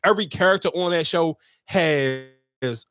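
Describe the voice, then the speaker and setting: A young adult man hosting a podcast, telling a story in animated, profane casual chat with sudden outbursts. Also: fairly high pitch, a little slow, smooth, no echo, clean studio sound. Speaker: podcast host.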